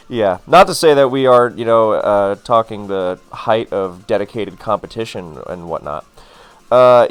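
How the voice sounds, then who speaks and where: Man, low voice, casual game commentary, wry rambling asides, faint background music. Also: clean tone. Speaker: gaming commentator.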